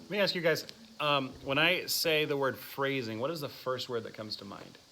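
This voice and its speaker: A man's voice: medium pitch, normal speed, gravelly, pushed and bright. A man teaching a music masterclass, asking the class questions and counting out phrasing exercises. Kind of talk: classroom instruction.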